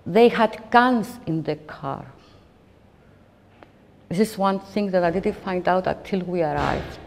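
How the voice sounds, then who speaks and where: A woman in her fifties giving halting, emotional documentary interview testimony, often restarting her sentences. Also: fairly low pitch, vocal fry, a little hiss or hum. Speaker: interviewee recounting a personal ordeal. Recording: long hall reverb.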